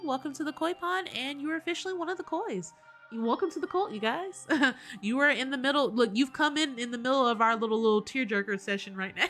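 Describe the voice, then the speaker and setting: A woman chatting casually while streaming a game, animated and quick to laugh and swear, greeting her viewers. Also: high-pitched. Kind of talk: casual live game commentary.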